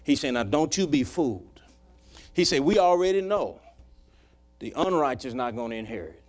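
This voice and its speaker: A man preaching a sermon, telling a personal story in a folksy way that swings from loud to hushed. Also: mid-range voice, big pitch swings, normal speed. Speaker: pastor.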